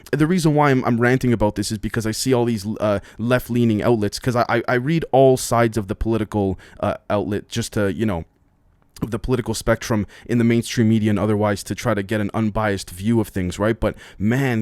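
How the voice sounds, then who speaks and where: A man's voice: mid-range voice, darkish tone, no echo, studio quality. A man hosting a podcast, giving casual political commentary as an opinionated rant full of restarts and fillers. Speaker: podcast host.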